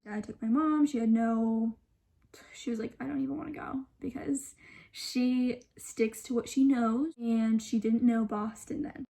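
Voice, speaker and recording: Chatty young woman with a mellow voice. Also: fairly high pitch. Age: young adult. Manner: chatty, full of "like" and asides, whispers quoted lines. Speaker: vlogger. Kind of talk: casual storytelling vlog.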